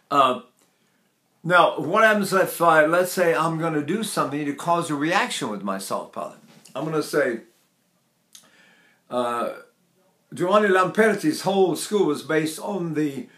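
Older guy teaching voice lessons, kinda high voice, rambly, stops to sing la la. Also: bright, forceful tone. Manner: rambling, demonstrative, breaks into sung vowels. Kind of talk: vocal lesson with sung demonstrations. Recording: echoey room.

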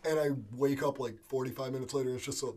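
A man's voice: mid-range voice, steady tone, quick pace, heavy background noise. A man from upstate New York in a band, telling stories in a loose, rambling way with lots of "like". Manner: rambling, many "like" fillers. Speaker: band member. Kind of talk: casual chat. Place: band practice space.

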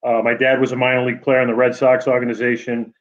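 A man with a New England accent giving an award acceptance speech over a video call, halting with many fillers and restarts. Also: medium pitch, monotone, dull audio. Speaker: award honoree.

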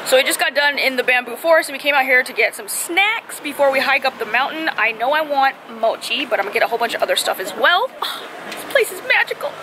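Young woman, from California, high voice, chatty and excitable, casual vlog, handheld camera outdoors, loud street noise behind. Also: fast, low-quality recording. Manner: chatty and excitable, many fillers. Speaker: travel vlogger. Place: outdoors in a busy park and street.

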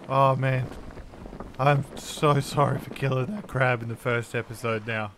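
A male gaming host talks through a survival game in casual commentary, easily startled and full of sudden exclamations. His voice sits at an ordinary middle pitch. A faint hum of noise runs underneath. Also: fairly even intonation, unhurried, a bit bright. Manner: jumpy, exclaims often at scares. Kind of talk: casual let's-play commentary.

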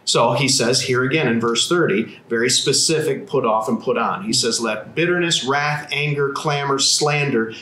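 Male pastor, devotional teaching, earnest and explanatory, medium pitch, echoey room. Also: moderate pace, few pauses, sharp tone. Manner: earnest, explanatory, repeats words when restarting. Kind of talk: devotional Bible teaching in conversation.

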